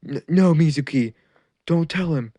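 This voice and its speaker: A man's voice: fairly high pitch, fairly quick, no echo, pitched above the performer's own voice, lightly acted. A man voicing a protective male ninja teacher who calls out urgently in a fan-made anime story. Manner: urgent, shouting out.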